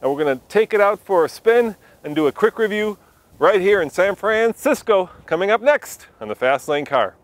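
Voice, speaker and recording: A man's voice: high-pitched, very animated, normal speed, no room sound. A man hosting a car review, upbeat and joking as he drives. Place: inside a moving car on city streets. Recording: car and street noise.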